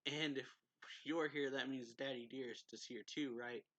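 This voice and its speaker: A man's voice: mid-range voice, steady tone, moderate pace, fairly bright tone, no echo, dull audio. A man voicing a cocky, playful male vampire noble in a mocking, smug tone. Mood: teasing.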